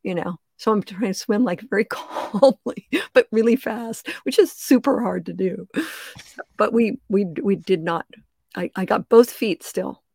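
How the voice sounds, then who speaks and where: An older woman chats as a podcast guest, laughing often as she tells her stories. Her voice sits at an ordinary pitch and comes across dry and close, with no room sound. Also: unhurried, creaky, breathy edge, no room sound. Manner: laughs often, animated storyteller. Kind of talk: casual interview chat.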